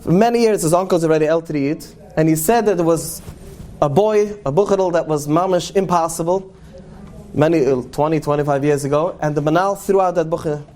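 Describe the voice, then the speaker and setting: Earnest high-voiced man, tinged storyteller. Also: darkish tone. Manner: earnest, slows and lingers on key words for emphasis. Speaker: rabbi. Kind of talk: storytelling talk to an audience.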